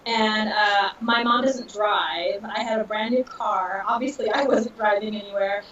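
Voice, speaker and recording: A woman in her thirties, a podcast guest, telling a personal story in an emotional, animated way with laughter. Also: medium pitch, unhurried, slight background noise. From Southern California. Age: 30s. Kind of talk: casual storytelling. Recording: dull, distant, roomy audio.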